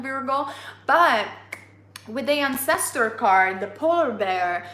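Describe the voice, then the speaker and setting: Expressive woman, reading tarot casually; sharp bright tone, roomy echo. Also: a little high. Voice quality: non-native English. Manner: chatty and expressive, playful asides. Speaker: tarot reader.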